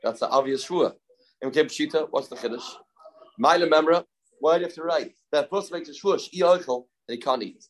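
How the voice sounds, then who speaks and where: A man's voice: a little high, a little fast. A man giving a daf yomi Talmud lesson, explaining step by step and repeating key phrases. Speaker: Talmud teacher.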